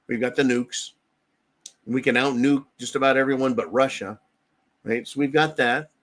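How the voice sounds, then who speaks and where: An American man hosts a livestream, delivering blunt political commentary in a mid-range voice at a moderate, steady pace. He swears freely and often tags his points with "right?"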